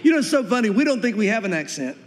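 High-voiced Southern pastor in a reverberant hall. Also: male voice, slight background noise. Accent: light Southern US. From Tennessee, US. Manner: fast-talking, animated, acts out quoted voices. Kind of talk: sermon. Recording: long reverb of a large hall.

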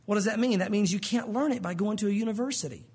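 A man preaching a sermon as a pastor, lively and animated, acting out the voices of the people in his stories. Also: high-pitched, fast talker, breathy edge.

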